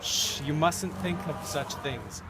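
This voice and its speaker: Guy doing a gentle dad calming his daughter, slightly high voice, street noise behind. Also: slow pace. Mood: soothing. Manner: soothing, hushing. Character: kindly middle-aged father of the bride. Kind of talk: amateur stage-play acting. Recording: noisy with traffic behind.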